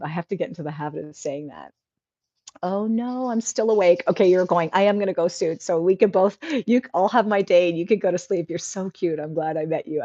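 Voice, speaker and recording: Lady chatting on her livestream, mellow lowish voice, cheering people on, dull dry lo-fi sound. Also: no room sound. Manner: chatty and encouraging, reads viewer comments aloud. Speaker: livestream host. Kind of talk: casual livestream chat.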